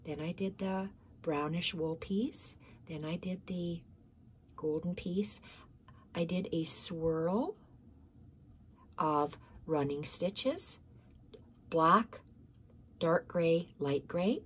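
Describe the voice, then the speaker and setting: A woman's voice: lowish voice, extremely slow, long pauses, a little hiss or hum. A woman hosting a casual stitching tutorial, explaining step by step, repeating measurements and correcting herself, sometimes dropping to a near-whisper.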